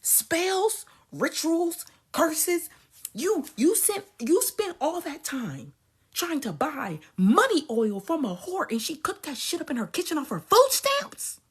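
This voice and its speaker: A woman ranting bluntly to her viewers, cursing a lot and swinging from low mutters to loud outbursts. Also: huge pitch swings, unhurried. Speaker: vlogger. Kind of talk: profane rant to camera.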